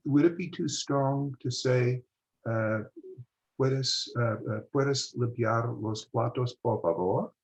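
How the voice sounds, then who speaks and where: Hesitant female student, extremely low pitch, halting delivery. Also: low-quality recording. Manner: hesitant, asks questions with fillers.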